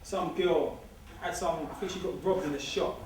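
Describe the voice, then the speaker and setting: A man's voice: fairly high pitch, steady tone, normal speed, a little hiss or hum. Streetwise man in an echoey hall. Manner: streetwise, joking, emphatic repetition. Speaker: guest speaker. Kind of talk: informal lecture to a student society. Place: large lecture hall. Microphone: far room recording. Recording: distant echoey hall recording.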